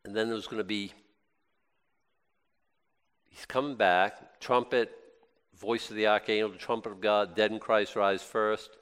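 A man preaching a conversational sermon, asking his listeners questions and breaking into excited bursts. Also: lowish voice, unhurried, pauses often, clear, resonant tone. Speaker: pastor. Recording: long hall reverb.

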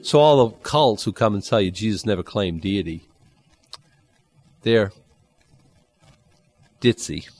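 A man preaching a Bible-teaching sermon, conversational and animated, with dry humor and sudden jumps in pitch. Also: slow pace, long pauses, no echo. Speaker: pastor.

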